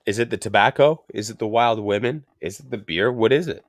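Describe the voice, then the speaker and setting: A young man with a lowish voice hosts a laid-back cigar podcast, cracking crude jokes and rambling through stories. The sound is dry and close. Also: brisk, no echo. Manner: crude, joking, rambling storyteller. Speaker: podcast host. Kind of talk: casual cigar podcast chat.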